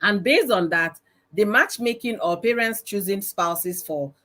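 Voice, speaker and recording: A middle-aged Nigerian woman speaks loudly and with emphasis, telling stories from her own life. Her voice sits at an ordinary pitch for a woman. She talks as one of several panelists in a live-streamed group discussion. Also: a little slow. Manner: loud, emphatic, storytelling. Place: live stream video call.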